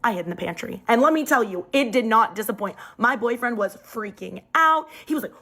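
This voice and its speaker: A young woman shares a story from her life in a casual storytime, speaking fairly quickly with hardly any pauses. Her delivery is lively, her pitch leaps when she quotes others, and she's using a phone mic.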